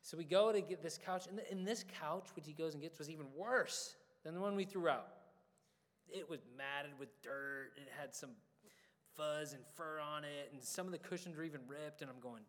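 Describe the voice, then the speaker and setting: A man preaching a sermon as a pastor, telling a personal story in an animated way and acting out the dialogue. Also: a little high, moderate pace. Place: church sanctuary. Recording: long hall reverb.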